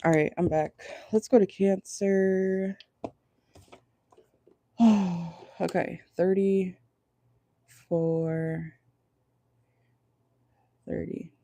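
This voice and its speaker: A woman's voice: lowish voice, steady tone, drawn-out words, long pauses, mellow. A woman giving a casual, chatty tarot reading to her viewers, blunt and crude, laughing often. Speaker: tarot reader.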